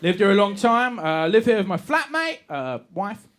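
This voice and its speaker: A man's voice: high voice, very animated, normal speed, very noisy. A young Scottish man doing a stand-up comedy set on a club stage, sardonic and punchy.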